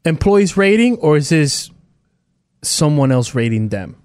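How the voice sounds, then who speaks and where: Sarcastic man with a slightly higher voice. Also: big pitch swings, a little mellow, no echo, studio quality. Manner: sarcastic, quick retorts. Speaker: radio show co-host. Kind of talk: casual morning show banter.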